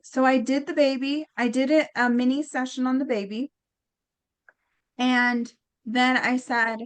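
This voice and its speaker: A woman's voice: a little high, smooth. A woman telling a story in a casual chat, acting out quotes with lots of fillers. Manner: animated, acts out quotes, many fillers. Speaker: guest healer.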